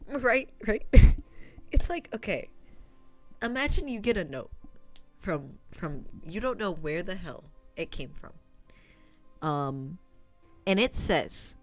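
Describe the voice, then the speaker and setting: A woman's voice: medium pitch, lively intonation, slow pace, pauses often, faint music behind. A woman streaming a visual novel, talking casually and sarcastically at the characters, laughing in disbelief. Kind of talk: casual gameplay commentary.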